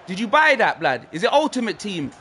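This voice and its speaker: A young man, commentating on his own football video game with excitable shouts and lots of slang. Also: high-pitched, fairly quick, slight background noise. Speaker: gaming streamer.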